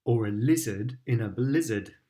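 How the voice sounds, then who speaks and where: A man's voice: medium pitch, expressive, normal speed, mellow. A British man, a father, reading picture books aloud to his child, playful and sing-song, with sound effects.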